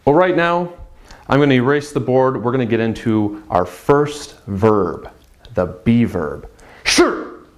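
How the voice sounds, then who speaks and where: A man teaching a language lesson at a whiteboard, drawing out his model words slowly and explaining in a chatty, off-the-cuff way. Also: medium pitch, expressive, darkish tone. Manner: slow, drawn-out model pronunciations between quick English explanations; spontaneous, chatty. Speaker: Chinese teacher. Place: classroom with a whiteboard.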